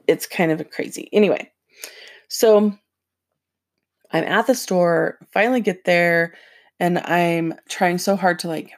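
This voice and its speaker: A woman casually telling a personal story, rambling and halting with lots of filler words, earnest and emotional, her voice dropping quiet at the hard parts. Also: on the low side, steady tone. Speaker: vlogger sharing personal experience.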